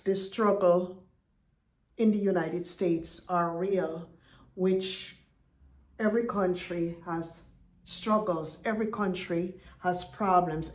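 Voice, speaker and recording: A woman's voice: fairly low pitch, dry recording. A middle-aged woman delivering a blunt, confrontational rant as a vlogger, often repeating herself for emphasis. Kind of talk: ranting commentary video.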